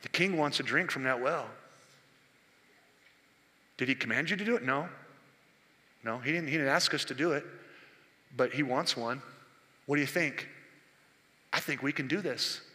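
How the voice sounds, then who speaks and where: A man in his sixties voicing loyal soldiers who whisper to each other in a hushed, conspiratorial way. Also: fairly high pitch, fairly even intonation, measured pace, vocal fry, pauses often, in a large hall, heavily acted.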